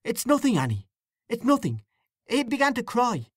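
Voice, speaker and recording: A man's voice: very high voice, huge pitch swings, moderate pace, husky, no echo, clean studio sound, voice pushed up, heavily acted. A man reading a story, voicing a timid young husband who stammers out excuses. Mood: flustered. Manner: stammering, flustered.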